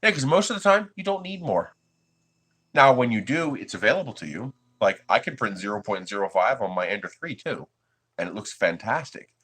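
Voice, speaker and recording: A man's voice: medium pitch, big pitch swings, a little fast, fairly bright tone, husky. A man from the United States hosting a 3D printing livestream, chatting casually with his viewers and chuckling often.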